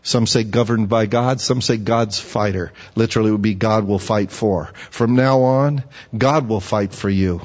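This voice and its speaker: A man preaching a sermon, asking his listeners questions and getting animated when he acts out a pleading voice. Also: moderate pace. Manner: animated, rising high when acting out pleading; asks the audience questions. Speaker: pastor. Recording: dull, echoey hall.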